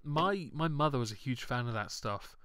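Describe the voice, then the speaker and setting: A man's voice: mid-range voice, lively intonation, moderate pace, a crowd in the background. A man hosting a casual voice chat stream, chatty and wry, often giggling. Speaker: streamer host.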